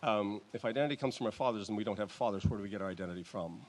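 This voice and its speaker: A male pastor preaching a sermon in a church, in a conversational, halting way with restarts and soft chuckles. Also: on the low side.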